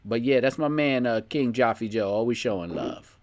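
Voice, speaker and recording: Man, podcast host, casual chat, laid-back rambling, mid pitch, laughs a lot. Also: expressive, normal speed.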